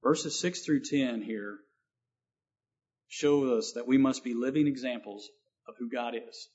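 A man's voice: mid-range voice, measured pace, a little mellow, breathy edge. A man preaching a sermon, reading scripture and expounding it earnestly, with emphatic swells on key lines. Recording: dull lo-fi recording.

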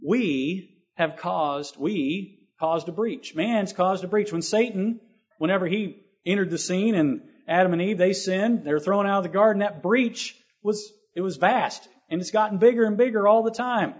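A man's voice: high voice, normal speed, breathy edge. A man delivers a sermon in an earnest, preacherly manner, his slightly raised voice swelling with emphasis as he reads and explains scripture. The recording is dull and lo-fi.

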